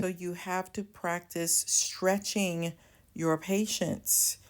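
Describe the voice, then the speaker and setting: A woman with a low voice gives advice straight to her viewers. She talks slowly and deliberately. She is earnest and plainspoken, as if coaching someone one on one. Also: darkish tone. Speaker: channel host giving advice. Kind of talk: direct-to-camera advice talk.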